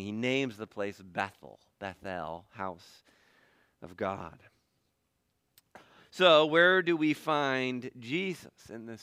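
A man preaching a sermon as pastor, swinging between loud emphatic peaks and hushed asides, with frequent chuckles. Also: mid-range voice, clean tone, dry recording.

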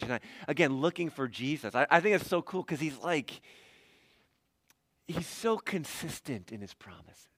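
Animated pastor with a bright, dry voice. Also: male voice, medium pitch, normal speed, no echo. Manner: animated, swings from loud emphatic peaks to hushed asides, chuckles often. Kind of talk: sermon.

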